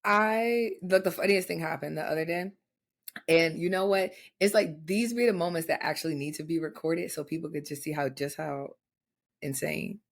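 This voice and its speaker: A woman co-hosting a podcast, telling excitable stories in a chatty, slangy way. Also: sits low, normal speed, gravelly. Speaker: podcast co-host. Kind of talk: casual chat.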